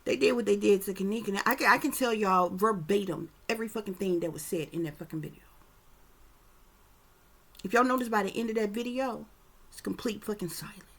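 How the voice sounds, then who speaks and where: A woman's voice: mid-range voice, a little fast, a bit bright. A woman giving a casual psychic reading, talking emphatically with lots of swearing and often checking that her listeners follow. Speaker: psychic reader.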